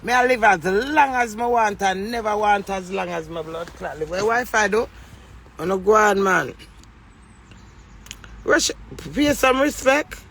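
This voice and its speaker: Jamaican woman, middle-aged, gravelly voice, cursing, rambling vlog talk. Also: medium pitch, a little slow, fairly bright tone. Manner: swearing heavily, defiant. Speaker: vlogger. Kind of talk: rambling emotional monologue.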